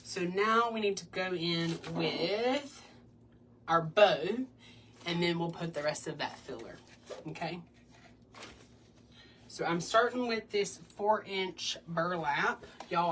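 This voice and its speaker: Woman, chatty craft tutorial host, low voice, slightly distant mic, faint room hum. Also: measured pace, a bit bright. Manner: chatty, bubbly, breaks into little sing-song bits. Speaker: wreath-making tutorial host. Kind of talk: casual crafting demo chat.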